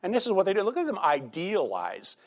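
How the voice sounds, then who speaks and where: Male pastor, slightly raised pitch, conversational sermon delivery with rhetorical questions and animated swings in volume. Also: brisk. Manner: animated, swings between loud emphasis and quiet asides.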